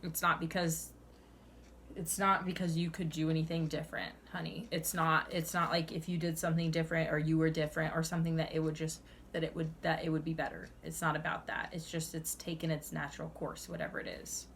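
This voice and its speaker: A woman's voice: low-pitched, little pitch movement, a little fast, fairly bright tone, slight background noise. A young woman doing a tarot reading to camera, earnest and chatty, sighing now and then between cards. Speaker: tarot reader.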